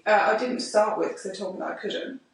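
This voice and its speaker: A woman, co-hosting a casual podcast chat as a mother, telling stories in an expressive, ranting way. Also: medium pitch, fairly quick. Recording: echoey room, mic far off.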